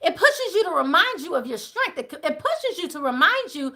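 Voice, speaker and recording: High, bright-voiced woman ranting emphatically. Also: sing-song, fairly quick. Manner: emphatic and profane, swinging between loud outbursts and low asides. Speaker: spiritual reader hosting a live stream. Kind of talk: casual storytelling rant.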